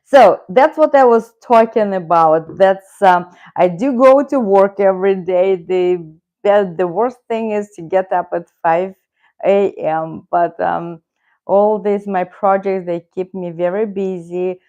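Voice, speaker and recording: A woman's voice: mid-range voice, measured pace, dark tone, muffled recording. A woman with a Russian accent hosting a casual livestream chat, chatty and greeting viewers by name. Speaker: livestream host.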